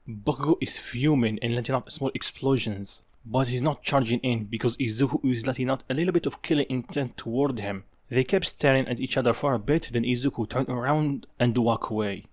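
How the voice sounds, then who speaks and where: A man narrating a fan story in a casual, offhand way. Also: mid-range voice. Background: background music.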